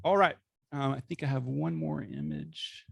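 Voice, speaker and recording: A man's voice: mid-range voice, big pitch swings, moderate pace, creaky, fairly bright tone, slightly rough. A younger man with a faint Northeast Florida Southern accent, giving a conversational slide lecture to a club and asking for the next slides. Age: young adult. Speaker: guest speaker.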